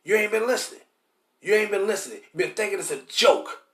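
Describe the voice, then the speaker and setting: A man preaches with insistent repetition, often stopping to restart a phrase. His voice sits high for a man. The recording has a roomy echo. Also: lively intonation, fast, fairly bright tone. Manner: emphatic and repetitive, keeps asking "See?"; stammers and restarts while hunting for words. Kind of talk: street-style scripture teaching.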